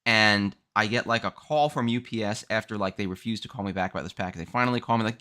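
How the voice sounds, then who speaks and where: A man hosting a podcast, telling stories in a casual, animated, ranting way. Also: on the low side, quick pace, few pauses, smooth. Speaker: podcast host. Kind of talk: casual chat.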